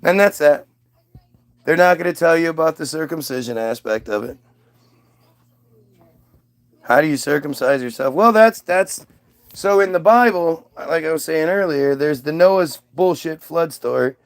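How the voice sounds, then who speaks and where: A man's voice: fairly high pitch, lively intonation, moderate pace, long pauses. A man delivering a rambling, profane comic monologue. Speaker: comedian.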